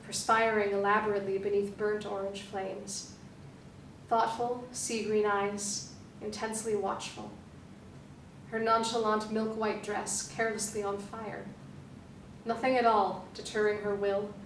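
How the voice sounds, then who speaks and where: A woman performer giving a dramatic literary reading of a novel excerpt, with slow, deliberate phrasing and pauses. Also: medium pitch, fairly bright tone. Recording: echoey room, distant mic, faint hum.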